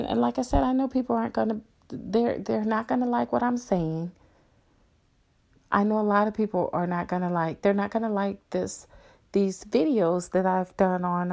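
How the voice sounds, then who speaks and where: A middle-aged woman with a dark, gravelly voice delivers a heated solo podcast rant. She talks bluntly and angrily and swears freely, pressing every point hard. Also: medium pitch. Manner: blunt, angry, profane ranting. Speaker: podcast host.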